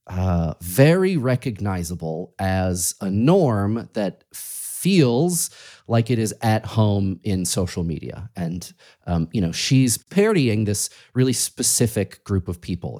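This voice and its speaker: A man's voice: low-pitched, mellow. A man hosting a podcast interview, reflective and conversational. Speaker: podcast host.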